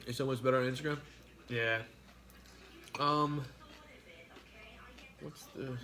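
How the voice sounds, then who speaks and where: A man's voice: medium pitch, steady tone, slow, long pauses, sharp tone. A man chatting casually while eating on a mukbang stream, blunt and argumentative, swearing freely.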